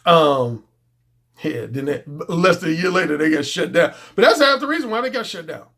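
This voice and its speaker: A man's voice: on the high side, expressive, normal speed, pushed and bright. A middle-aged man, a dating coach, talking bluntly and profanely in a casual unscripted monologue.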